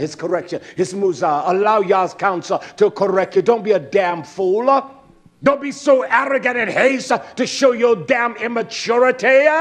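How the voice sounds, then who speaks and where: A man preaching with fire, cursing and swinging from shouts to hushed asides. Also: sits high. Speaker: religious teacher. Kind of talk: impassioned preaching.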